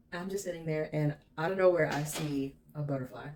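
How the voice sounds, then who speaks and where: A woman's voice: low-pitched, moderate pace, noisy background. A woman vlogger telling a personal story in an emphatic, candid way, swearing freely.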